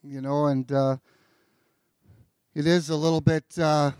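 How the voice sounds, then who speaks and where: A pastor giving a sermon in a relaxed, conversational way, with filler words and joking asides, as he reads and explains scripture. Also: fairly high pitch, a little slow, clear, resonant tone, dry recording, studio quality.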